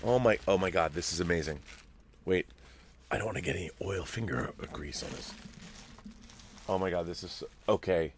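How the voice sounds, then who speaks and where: A man hosting a casual live-stream chat, excitable and gushing, rambling with restarts. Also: low voice, moderate pace, long pauses, a little hiss or hum. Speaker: host.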